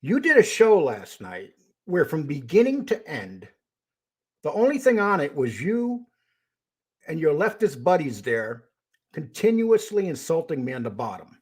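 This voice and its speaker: Hosting his own live-stream show, an older man calls out viewers by name in casual talk, then gets blunt and confrontational. He speaks unhurriedly in a high, very animated voice that's a little mellow with a breathy edge.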